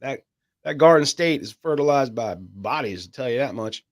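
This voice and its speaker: A man's voice: medium pitch, animated, normal speed. A man co-hosting a podcast in casual, joking banter, swearing freely. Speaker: podcast co-host.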